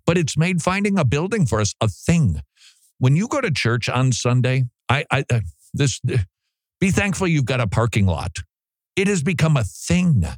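A man's voice: mid-range voice, no echo, clean studio sound. Chatty joking male radio host. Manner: chatty and joking, laughs often. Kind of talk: casual radio monologue. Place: radio studio. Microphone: studio microphone.

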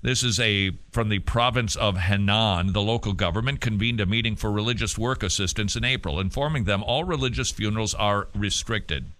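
A man's voice: on the low side, fairly quick, few pauses, a bit bright. A man hosting a talk show, giving emphatic, sarcastic commentary. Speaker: host.

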